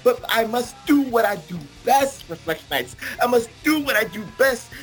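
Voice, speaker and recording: A man hosting a casual podcast over a video call, excitable and theatrical, with grandiose self-introductions. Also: very high voice, moderate pace, soft background music, low-quality recording. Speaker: podcast host. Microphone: remote video call.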